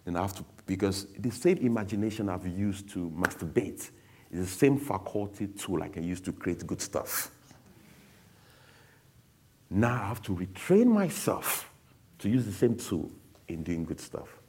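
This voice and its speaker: A man's voice: low-pitched, lively intonation, a little slow, darkish tone, breathy edge. A man giving a candid, emotional personal testimony to an audience, speaking bluntly.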